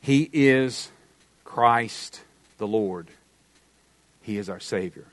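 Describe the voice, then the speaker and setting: A middle-aged man with a Southern American accent preaching a sermon, emphatic, with wide swings in pitch and volume and some folksy humor. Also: extremely slow, dry recording. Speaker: pastor.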